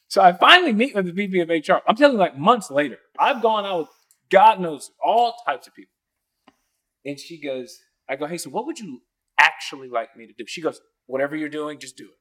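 A man guesting on a podcast, telling stories casually and acting out other people's lines with big jumps in pitch, laughing often as he goes. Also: brisk. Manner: animated, acts out quoted voices with big pitch jumps; laughs often mid-story. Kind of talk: casual storytelling.

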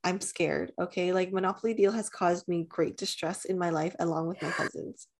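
A young woman co-hosting a podcast, telling a story in casual chat, animated, with lots of "like" and swearing. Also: lowish voice, moderate pace, vocal fry. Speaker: podcast co-host.

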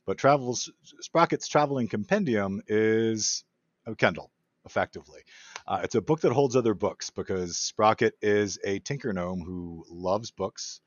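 Deep-voiced man explaining his game design. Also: lively intonation, moderate pace, dry recording, lo-fi sound. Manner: enthusiastic, explains in detail with fillers. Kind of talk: casual explanatory chat.

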